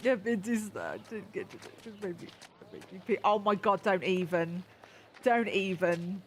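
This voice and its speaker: A woman's voice: mid-range voice, expressive, moderate pace, a little hiss or hum. A woman hosting a gaming channel, chatting and giggling to herself as she plays. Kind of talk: game playthrough commentary.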